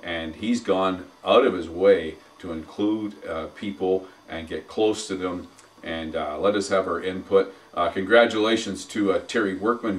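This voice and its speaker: A deep, low-pitched man chats about sports in halting bursts, with fillers between his phrases. He sounds set back from the microphone. His energy rises as he talks up the coming season. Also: far from the mic. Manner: halting, many fillers, builds hype. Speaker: podcast co-host and arena announcer. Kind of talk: casual sports chat.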